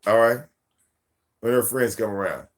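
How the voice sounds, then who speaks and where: A man in his forties, host of a live stream, telling casual stories about his daughter in a profane, animated way, acting out what people said. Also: fairly low pitch, normal speed. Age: 40s. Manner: profane, animated, acts out quotes. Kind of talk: casual storytelling.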